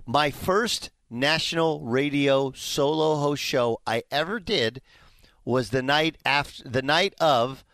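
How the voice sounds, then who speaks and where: A man's voice: mid-range voice, takes it slowly, no room sound. A man hosting sports radio, telling a story against himself. His voice sits in an ordinary middle range. The sound is dry and close to the mic, as in a studio. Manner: self-deprecating storyteller, gets loud when worked up. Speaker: radio host. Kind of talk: casual sports radio talk.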